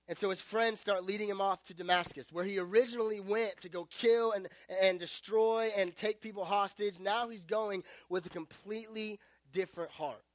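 A young man preaching to a youth group, retelling a story in casual, animated words and joking along the way. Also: high-pitched, normal speed, hardly any pauses, no room sound. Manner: casual, animated storytelling with self-aware jokes. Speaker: youth pastor.

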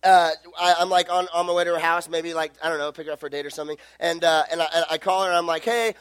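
A man's voice: fairly high pitch, level tone, rapid-fire, fairly bright tone, no echo. A young man preaching in a casual, rambling storytelling way, full of fillers and self-corrections.

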